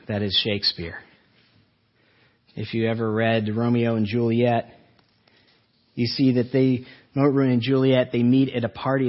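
A man preaching a sermon as a pastor, earnest, asking the listeners rhetorical questions and slowing down for emphasis. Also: mid-range voice, muffled recording.

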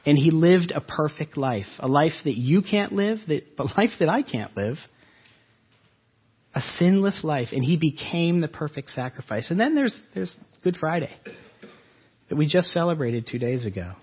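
A man preaching an earnest Easter-season sermon to his congregation, his voice swelling and then dropping soft. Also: a little high, sing-song, normal speed, breathy edge, lo-fi sound. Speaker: pastor.

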